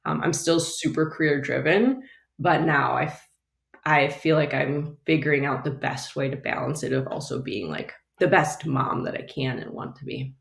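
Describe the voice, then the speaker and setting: A woman in her thirties, a podcast guest, telling her story frankly and quickly, with lots of "like". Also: sits low, steady tone, creaky, reverberant. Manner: fast, frank, sprinkled with "like". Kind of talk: candid conversational storytelling.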